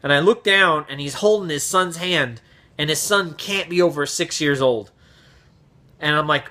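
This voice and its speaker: A man vlogger telling a casual story in an animated, profane way, acting out the voices. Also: a little high, normal speed.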